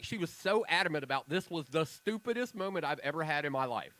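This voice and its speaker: A man's voice: a little high, fast talker, no room sound, low-quality recording. A man co-hosting a casual podcast chat, telling stories with acted-out quotes and frequent swearing. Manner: animated storyteller, acts out quoted voices, swears freely. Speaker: podcast co-host.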